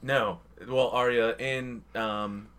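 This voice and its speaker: A man's voice: mid-range voice, fairly even intonation, takes it slowly, fairly bright tone, clear, resonant tone. A man in casual conversation about films, talking in a rambling way and swearing now and then. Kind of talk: casual movie discussion.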